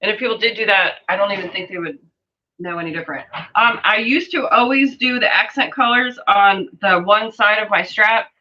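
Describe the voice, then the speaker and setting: Lady chatting through a sewing livestream, kinda bright and tense voice, reads out comments. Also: mid-range voice, normal speed, muffled recording. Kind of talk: casual livestream chat.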